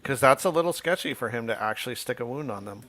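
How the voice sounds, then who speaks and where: A man's voice: medium pitch, lively intonation, fast, fairly bright tone. A man commentating casually on a tabletop game, thoughtful and asking about the rules.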